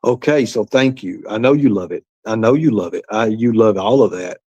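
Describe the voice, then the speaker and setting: A man with a fairly low voice hosts a livestream, reading the chat aloud. He rambles, swears freely and repeats himself, recorded dry and close. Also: normal speed, a little mellow, breathy edge, dry recording, dull audio. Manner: rambling, profane, repetitive. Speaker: livestream host.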